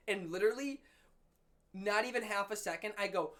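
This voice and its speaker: A young man streaming, telling a story in casual chat, animated and laughing often, swearing freely. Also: sits high, a little fast, soft background music.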